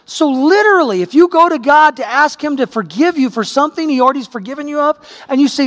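A man's voice: very high voice, animated, moderate pace, fairly bright tone, in a large hall. A middle-aged man preaching a sermon, telling a personal story in a conversational way that builds to emphatic peaks. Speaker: pastor.

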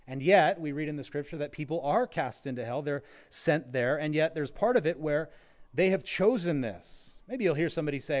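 A man preaching an earnest sermon, his voice sitting a little higher than most men's. He leans into key phrases by getting louder, then drops back down, and now and then slips in a dry bit of humor. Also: expressive, normal speed. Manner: earnest, varies loudness for emphasis, occasional wry humor. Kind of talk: sermon on scripture.

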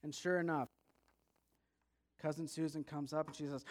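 A man with a high-pitched voice telling a story to a live audience. He speaks in a lively way, asking his listeners to follow along. His delivery swings between hushed and bright. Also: moderate pace, long pauses. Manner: lively, talks straight to listeners.

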